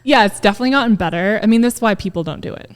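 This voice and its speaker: A woman in her thirties talks candidly as a podcast guest, open and emotional. She swears freely and slips into voicing her own inner thoughts as quotes. Her voice sits at a middling pitch. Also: rapid-fire, clean tone. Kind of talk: candid casual chat.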